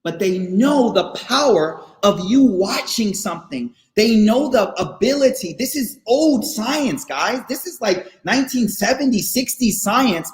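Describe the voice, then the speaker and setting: Guy giving a laid-back faith talk to students, pretty high voice, lots of slang and repeats, roomy echo. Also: measured pace, few pauses. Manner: slangy and animated, repeats phrases for emphasis. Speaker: guest speaker at a faith session for students. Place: online session, room not known.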